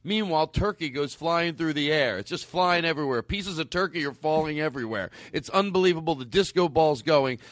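A man's voice: fairly high pitch, lively intonation, a little fast, few pauses, fairly bright tone, no room sound. A man hosting a comedy podcast, improvising a wild, silly story. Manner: playful, spins absurd stories. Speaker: podcast host.

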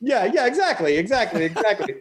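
A man riffing his way through a loose comedy podcast conversation, profane and rambling. His voice sits a little higher than most men's. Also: big pitch swings, fairly quick. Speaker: podcast co-host. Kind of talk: casual comedic podcast chat.

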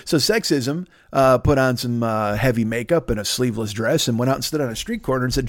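A man in his fifties talks alone into a plugged-in podcast mic at home, rambling and profane, with constant restarts and asides. His voice sits at an ordinary middle pitch. The sound is dry and close, with no room echo. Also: animated, a little fast, few pauses. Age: 50s. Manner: rambling, profane, self-mocking, with many restarts and fillers. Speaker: podcast host. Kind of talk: solo late-night podcast rant. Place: home, at a desk with a laptop. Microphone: plugged-in podcast microphone.

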